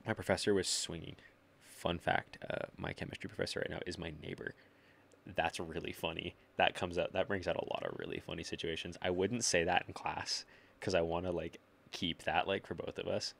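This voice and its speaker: Very low-voiced young man telling stories. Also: flat delivery, a little fast, gravelly, a bit bright. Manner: storytelling, lots of filler "like", swearing. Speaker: podcast guest. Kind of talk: casual chat. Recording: live podcast.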